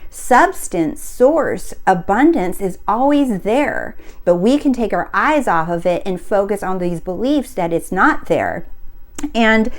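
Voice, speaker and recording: A woman's voice: mid-range voice, animated, a little slow. A woman coaching on spiritual wealth, speaking in an earnest, emphatic way and often asking if listeners see her point. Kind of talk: spiritual teaching talk.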